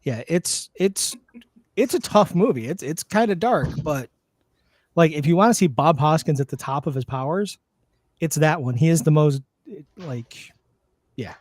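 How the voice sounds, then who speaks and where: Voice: mid-range voice, expressive, measured pace, darkish tone, dry recording. A podcast co-host in casual chat, eagerly recommending films with frequent restarts. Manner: enthusiastic film recommendations, restarts a lot. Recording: dry close mic.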